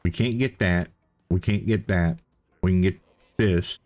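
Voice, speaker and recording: A man's voice: deep voice, unhurried, darkish tone. A man giving casual, chatty commentary as he plays a game, thinking aloud and repeating himself. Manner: playful self-talk. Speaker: let's play host.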